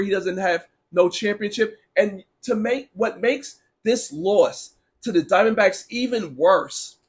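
A man with a notably high voice and a sore throat holds forth on sports, blunt and sarcastic. He talks slowly and deliberately, leaning on words for effect while answering his live chat. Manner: blunt, animated, sarcastic ranting. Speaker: sports talk show host. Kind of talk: casual opinionated sports talk, reading live chat.

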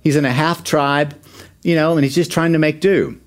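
A man preaching a sermon, lively and acting out the Bible story as he tells it. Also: on the high side, normal speed. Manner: animated preaching that acts out the scripture. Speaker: pastor.

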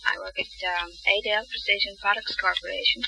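A woman's voice: mid-range voice, steady tone, fairly quick, vocal fry, sharp tone, slight background noise, poor audio. A young woman from Northern Ireland with a Belfast accent, a quiz contestant giving shy, brief answers.

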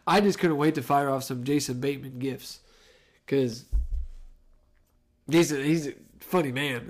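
Man, thirties, slightly high voice, casual solo sports talk, rambling, animated, self-correcting.

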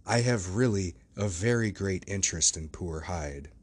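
A man reading the part of a troubled gentleman doctor who pleads earnestly and evades questions. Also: low-pitched, moderate pace, breathy edge. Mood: pleading.

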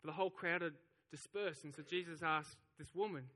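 Animated male preacher in a reverberant hall. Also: a little high, fairly quick, a little hiss or hum. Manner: animated storytelling, acting out the crowd's voices. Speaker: pastor. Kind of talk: sermon.

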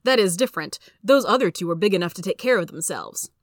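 A woman's voice: on the low side, animated, fast, dry recording, clean studio sound, lightly acted. A woman doing a plainspoken farmer. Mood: matter-of-fact. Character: plainspoken country farmer, man.

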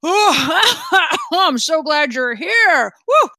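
A woman's voice: extremely high pitch, big pitch swings, extremely slow, bright, forceful tone, no echo, voice pushed up, heavily acted. A woman voicing a huge, jolly, blustering old male king who loves snacks, gushing and chuckling as he talks in a tabletop game. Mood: grandiose.

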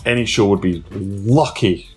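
A man, a wrestler, telling stories in a casual interview, laughing often and jumping up in pitch. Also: unhurried, faint music behind. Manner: animated storyteller, laughs often, voice jumps high. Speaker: wrestler guest.

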